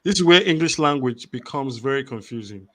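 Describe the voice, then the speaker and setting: Measured man in political chat. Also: medium pitch, expressive, pushed and bright. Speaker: podcast co-host. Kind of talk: casual political discussion.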